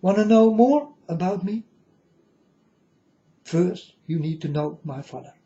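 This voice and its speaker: A man putting on a high, singsong voice that he says sounds like an eighty-year-old man. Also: animated, a little slow, dark tone. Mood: preachy. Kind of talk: showing off a put-on voice. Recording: dull lo-fi recording.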